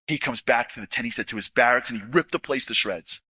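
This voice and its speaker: Fast-talking, bright-voiced storyteller man. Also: mid-range voice, breathy edge, dry recording. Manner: acts out dialogue, jumping between hushed asides and excited shouting; conversational, with frequent "like" and "you know". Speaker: inspirational speaker. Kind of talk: animated storytelling talk.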